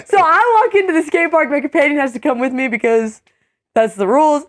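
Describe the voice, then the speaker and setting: A young woman tells a story with lots of energy, her fairly high voice jumping up whenever she quotes someone. The sound is close and dry, with no room echo. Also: a little fast. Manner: animated storyteller, many "like"s, acts out quotes in a higher voice. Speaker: co-host. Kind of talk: casual storytelling.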